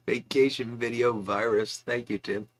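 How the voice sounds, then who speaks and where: A man's voice: medium pitch, a bit bright, breathy edge. A man hosting a casual livestream, chatting loosely and reading out viewer comments with asides. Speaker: livestream host.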